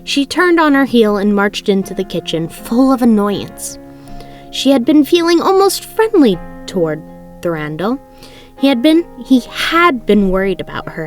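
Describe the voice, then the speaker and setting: A woman reading a novel aloud chapter by chapter in a casual way, often correcting herself mid-sentence. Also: fairly high pitch. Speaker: reader of a book aloud. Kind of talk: casual read-aloud narration.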